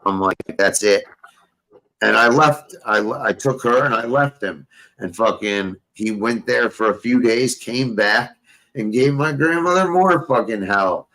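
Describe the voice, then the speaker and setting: A man's voice: medium pitch, unhurried, sharp tone, rough recording. A young man hosting a casual talk show, telling a rambling story full of profanity and street slang. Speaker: podcast host.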